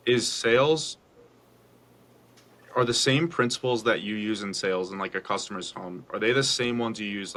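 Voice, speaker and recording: A man's voice: on the low side, sharp tone. A man hosting a podcast, asking long, searching questions with many fillers. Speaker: podcast host. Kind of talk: casual interview questions.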